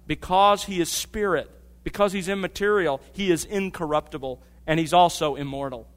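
A man's voice: on the high side, moderate pace. A middle-aged man preaching a sermon, teaching earnestly and telling family stories. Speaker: pastor. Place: church sanctuary. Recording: long reverb of a church hall.

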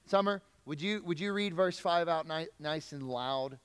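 Male pastor, sermon, somewhat high voice, smooth, long hall reverb. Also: moderate pace, fairly bright tone. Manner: conversational preaching, asks the congregation questions. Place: church sanctuary.

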